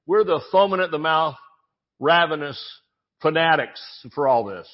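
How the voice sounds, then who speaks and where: A male pastor delivering a sermon in a loose, chatty way, stumbling over restarts and breaking into jokes. His voice sits a little higher than most men's, and the recording sounds dull and muffled. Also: expressive, normal speed. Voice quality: conversational, joking, many restarts.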